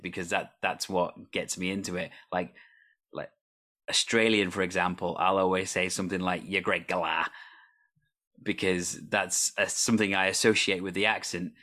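A man hosts a relaxed conversation, asking questions and rambling on with plenty of "um" and "like". His voice sits somewhat low for a man, and his manner stays friendly and unhurried. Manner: chatty, rambling, frequent fillers. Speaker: host. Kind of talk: casual chat.

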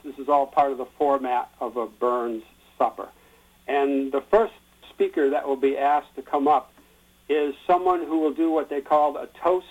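A man explaining a tradition in a plain-spoken, relaxed way, with the odd filler. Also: medium pitch, dull audio. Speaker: guest explaining a Burns supper. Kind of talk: explanatory chat.

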